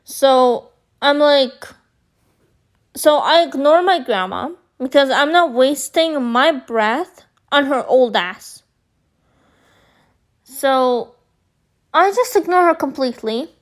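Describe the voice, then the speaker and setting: Woman vlogger, high-pitched, slightly hoarse, slow rambling storyteller. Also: lively intonation. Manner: rambling, filler-heavy, addresses viewers as guys. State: hoarse from screaming. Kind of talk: storytime chat.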